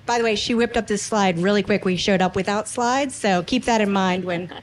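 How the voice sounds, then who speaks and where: Woman, middle-aged, recruiter, playful panel talk, mid pitch, slight background hiss. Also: a little fast. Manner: playful, upbeat. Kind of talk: conference panel chat. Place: conference room.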